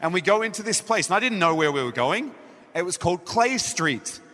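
Bright-voiced Australian man preaching. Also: sits high, brisk. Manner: animated storytelling, acting out his own dialogue. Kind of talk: sermon. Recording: echoey hall.

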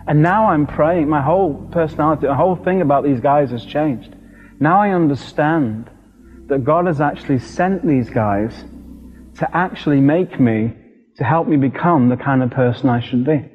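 A British man preaching a sermon as a lively storyteller, acting out the voices in his story. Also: on the high side, normal speed, slightly rough. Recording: dull recording with long hall reverb.

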